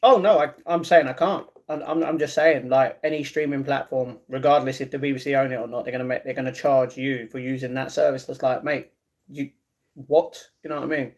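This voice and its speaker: A man in his twenties chats casually on a livestream, reading viewers' comments out loud and often restarting his sentences. His medium-pitched voice is fairly even and fairly quick.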